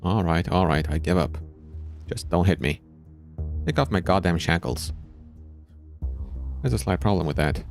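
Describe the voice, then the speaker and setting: A man's voice: deep voice, normal speed, vocal fry, long pauses, faint music behind. A man voicing a smug, scheming male crime boss in a narrative game, talking in a mocking and evasive way. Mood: pleading.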